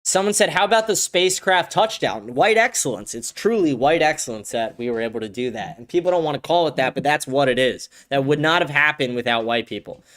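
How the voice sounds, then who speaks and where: Lively, profane young male stream host. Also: fairly high pitch, brisk, hardly any pauses. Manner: profane, blunt, ranting; animated, bursts of excited shouting. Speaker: livestream show host. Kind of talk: casual livestream commentary. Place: home, with a dog nearby.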